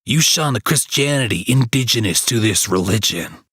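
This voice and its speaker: A man voicing a pompous male anthropologist who lectures in brisk, jargon-heavy sentences. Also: medium pitch, expressive, a bit bright, slightly rough, no room sound, clean studio sound. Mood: lecturing.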